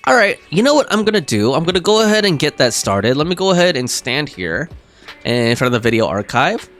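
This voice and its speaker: A man's voice: a little high, sing-song, fairly quick, fairly bright tone, soft background music. A young man streaming a game live, chatting casually and rambling with fillers and restarts.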